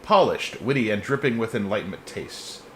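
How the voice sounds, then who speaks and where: A man's voice: on the low side, expressive, normal speed, slight background noise. A man hosting a live history podcast in a casual, joking way, often laughing between points. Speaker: podcast host presenting the topic.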